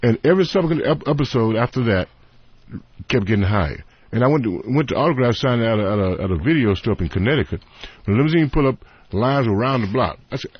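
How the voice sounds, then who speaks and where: A man guest on a talk radio show, telling stories in an animated way and acting out the voices of other people. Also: medium pitch, fast, breathy edge, no room sound. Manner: animated, acts out voices in anecdotes. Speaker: studio guest. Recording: dull radio broadcast sound.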